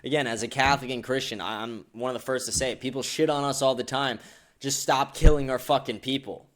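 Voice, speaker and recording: A man's voice: medium pitch, fairly even intonation, a little fast. A man hosting a political podcast, ranting angrily with heavy profanity and repeated outbursts. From United States. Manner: profane, repetitive, shouting bursts. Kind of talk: angry ranting commentary.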